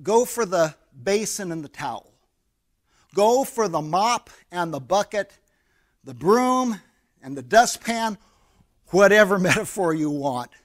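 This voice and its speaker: An American man preaching a sermon, his voice sitting high for a man. He talks in an easy, conversational way and slips into quick quoted voices to act out little scenes. The delivery stays plain and personal. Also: expressive. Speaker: pastor.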